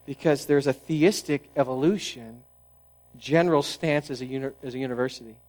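A man's voice: a little high, steady tone, moderate pace, rough recording. Earnest man preaching a sermon. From New England, United States. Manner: earnest preaching with restarts and sudden drops to a hushed tone. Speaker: pastor.

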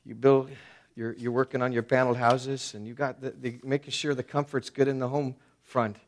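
A man's voice: medium pitch, little pitch movement, normal speed. A man preaching an expository sermon, emphatic and conversational, with frequent fillers and restarts. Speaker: pastor.

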